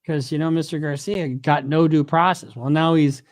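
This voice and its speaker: A man's voice: a little high, fairly even intonation, normal speed, dry recording, clean studio sound. A man talking as a criminal lawyer guest in a casual opinion chat, discursive and rambling with many fillers.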